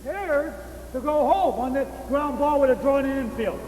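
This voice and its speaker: A man's voice: very high voice, normal speed, a little mellow, slight background noise. A man explaining baserunning step by step in first person while demonstrating on a baseball field. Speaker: baseball coach. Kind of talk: instructional demonstration. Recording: distant, roomy old VHS audio.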